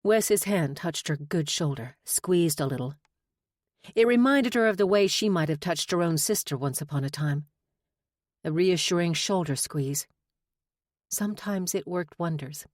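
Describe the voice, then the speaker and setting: Lady narrating a romance novel, kinda low voice, really dry close sound. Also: dry recording. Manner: measured, expressive reading. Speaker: audiobook narrator. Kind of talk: scripted narration.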